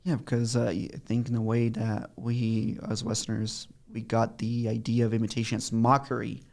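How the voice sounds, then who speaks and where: A man's voice: mid-range voice, normal speed, vocal fry. A man hosting an interview, talking eagerly in casual chat and often restarting his sentences. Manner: eager, restarts often, speeds up when excited. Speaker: podcast host.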